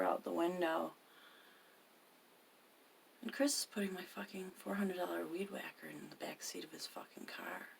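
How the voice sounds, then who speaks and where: Woman, low voice, gravelly, heated profane storytelling, slips into whispers. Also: a little hiss or hum. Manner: agitated, swears constantly, drops into whispers.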